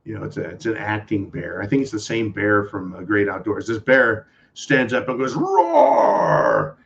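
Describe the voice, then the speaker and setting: Blunt, profane talk host, lo-fi. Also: male voice, fairly low pitch, fairly even intonation, normal speed, a bit bright, a little hiss or hum. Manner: blunt, profane, angry and mocking. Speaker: podcast host. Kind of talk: political commentary rant. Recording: dull lo-fi audio.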